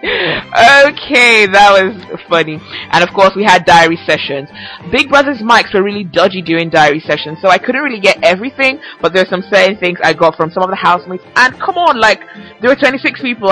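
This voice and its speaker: Young woman host, bright and forceful, loose teasing chat delivery over soft background music. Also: medium pitch, expressive, a little fast, rough recording. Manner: chatty and teasing, laughs often. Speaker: podcast host. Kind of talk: casual solo podcast chat.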